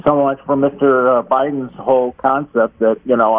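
A man's voice: medium pitch, fairly even intonation, normal speed. Man talking on a tinny phone line. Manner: hesitant, repeats words, many fillers. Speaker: caller. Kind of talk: casual phone interview. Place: Florida.

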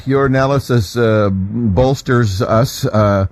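A man's voice: mid-range voice, takes it slowly, a little mellow. A man hosting a talk radio show, folksy and chatty with frequent fillers.

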